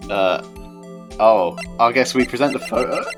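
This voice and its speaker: A woman's voice: a bass voice, unhurried. A woman streaming a game with friends in casual chat, laughing often and reading lines dramatically. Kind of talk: casual let's-play chat. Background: game music.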